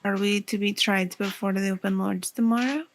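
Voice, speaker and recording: Woman player, gravelly voice with vocal fry, earnest in-character role-play. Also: medium pitch, steady tone, moderate pace, a little hiss or hum. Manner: earnest, pleading, thinking aloud.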